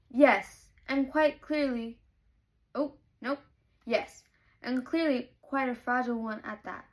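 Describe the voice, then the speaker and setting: A woman's voice: high-pitched, takes it slowly. A young woman vlogging about a book as she reads it, chatty, candid and gushing. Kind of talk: casual chat while reading aloud.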